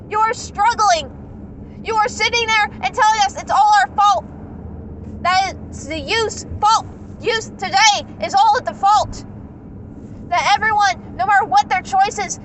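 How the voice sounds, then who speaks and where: A woman's voice: extremely high pitch, a bit bright, a little hiss or hum, low-quality recording. A young woman in an impassioned, indignant rant, talking straight to the camera with emphatic repetition. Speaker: vlogger. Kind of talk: impassioned ranting monologue.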